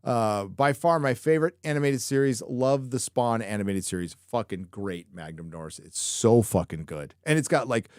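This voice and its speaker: Rambling through viewer questions on his casual live stream, this host jokes constantly and swears freely. He speaks at normal speed with few pauses, his mid-range voice a little mellow, clear and resonant, recorded at studio quality with no echo.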